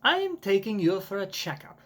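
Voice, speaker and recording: A man reading a calm, kind giant. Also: sits high, brisk, pitched above the performer's own voice, heavily acted. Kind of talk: reading a comic aloud in voices.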